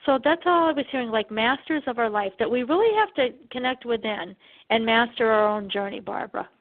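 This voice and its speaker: A woman's voice: a little high, brisk, narrow, tinny audio. A woman co-hosting a spiritual talk show, enthusiastic and full of fillers like "you know.". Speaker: co-host and channeler.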